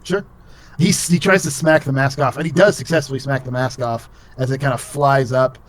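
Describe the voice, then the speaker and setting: A man's voice: medium pitch, steady tone, a little fast. Casual young man running a tabletop game. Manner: casual, rambling, full of fillers. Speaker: game master.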